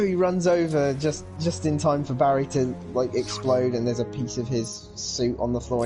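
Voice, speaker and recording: A man's voice: medium pitch, fairly even intonation, normal speed, few pauses, music in the background. A man co-hosting a casual chat, rambling and laughing often. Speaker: podcast co-host.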